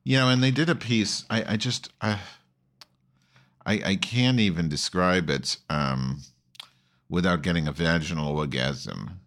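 A man's voice: sits low, a little slow, a bit bright. A man hosting an online call-in show, rambling in a campy, profane, loose way with many restarts. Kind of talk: casual rambling monologue.

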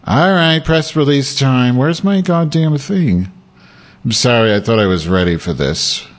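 A man's voice: mid-range voice, lively intonation, a little slow. Rambling, crude man hosting a stream. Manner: crude, rambling, jumps between topics. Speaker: podcast host. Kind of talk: rambling live-stream chat.

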